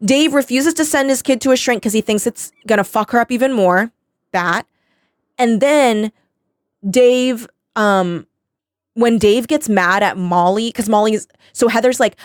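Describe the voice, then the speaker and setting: With a slightly high voice and an unhurried pace, a thirtysomething podcast co-host rambles through a book's plot, swearing freely and voicing the characters' lines. The recording is clean studio audio without any room sound.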